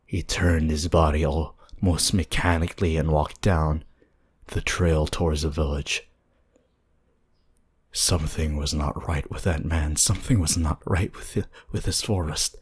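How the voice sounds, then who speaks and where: Extremely deep husky male narrator. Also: fairly even intonation. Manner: hushed, tense, deliberate storytelling. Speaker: horror story narrator. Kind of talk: scripted horror story narration.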